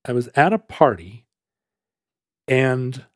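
A man's voice: medium pitch, slow pace, dry recording, clean studio sound. A man hosting a casual talk show, telling a long story and acting out the voices of the people in it. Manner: animated storyteller who acts out quoted voices. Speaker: podcast host.

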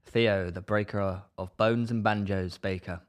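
A man's voice: fairly low pitch, steady tone, unhurried. A man co-hosting a podcast, telling stories animatedly in casual chat and swearing casually. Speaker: podcast co-host.

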